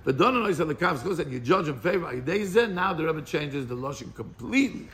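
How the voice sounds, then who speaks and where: A man leading an informal Torah class, animated and quizzing his listeners, mixing Hebrew and Yiddish terms into English. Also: fairly high pitch, fairly quick, a little hiss or hum.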